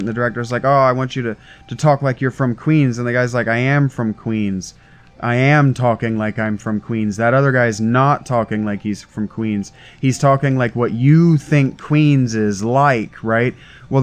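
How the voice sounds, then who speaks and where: A man hosting a solo podcast, thinking aloud in a rambling monologue with frequent restarts and "right?" tag questions. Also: medium pitch. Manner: meandering, many restarts and "right?" tags. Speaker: podcast host.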